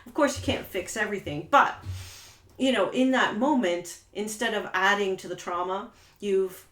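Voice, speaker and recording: A woman trauma therapist speaks casually to camera, rambling a little with frequent fillers. Her voice sits at a middle pitch, and the room around her rings with noticeable echo. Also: moderate pace, fairly bright tone. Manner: conversational, many "you know" fillers, acts out quoted voices. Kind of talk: talking-head coaching video. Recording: roomy echo.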